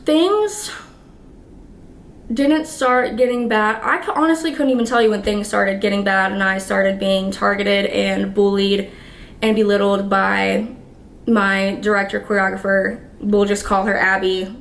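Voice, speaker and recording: A woman's voice: mid-range voice, flat delivery, creaky, fairly bright tone, roomy sound. Chatty young woman vlogging, slight lisp. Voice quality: slight lisp from new aligners. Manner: chatty, rushed, many fillers. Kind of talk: casual storytime vlog to camera. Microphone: camera mic.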